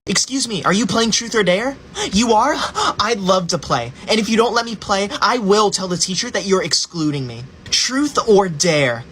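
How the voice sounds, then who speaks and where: A woman's voice: mid-range voice, animated, normal speed, fairly bright tone, a little hiss or hum, natural voice. A woman playing a self-righteous, tattling know-it-all schoolgirl in a comedy skit. She talks in a whiny, overdramatic way. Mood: smug.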